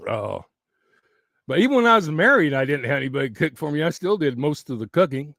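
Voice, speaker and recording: A man's voice: fairly high pitch, sing-song, a little fast, vocal fry, a bit bright, dry recording. Rambling man talking close to the mic. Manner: rambling, laughs often, many restarts. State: voice wearing thin. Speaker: YouTube channel host. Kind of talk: casual livestream chat.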